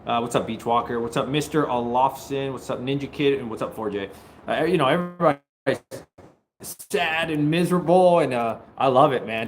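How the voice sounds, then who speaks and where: A man hosting a casual live stream, greeting viewers and joking, at times breaking into loud mock-taunting. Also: medium pitch, moderate pace, slight background noise. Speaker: livestream host. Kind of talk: casual livestream chat with viewers.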